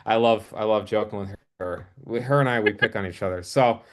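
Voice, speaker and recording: A man presenting a business opportunity on a casual group video call, halting and restarting his sentences. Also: lowish voice.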